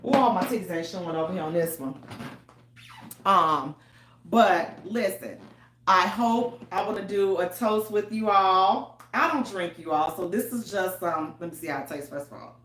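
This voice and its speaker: A woman hosting a radio talk show, chatting casually and loudly with her listeners. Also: on the low side, normal speed. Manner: chatty, loud and animated, with African American Vernacular English. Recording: roomy echo.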